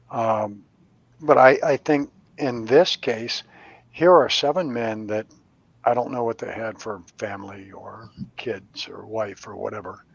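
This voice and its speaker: A man's voice: medium pitch, vocal fry, husky, poor audio. A middle-aged man, a medium, telling stories in casual chat. He swears freely and acts out the voices of the people in his stories. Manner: animated, profane storyteller acting out voices.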